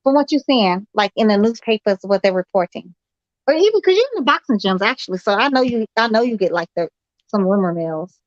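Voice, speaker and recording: A man's voice: sits high, lively intonation, a little fast, no room sound, lo-fi sound. A tired man, chatting casually and laughing easily. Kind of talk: casual chat.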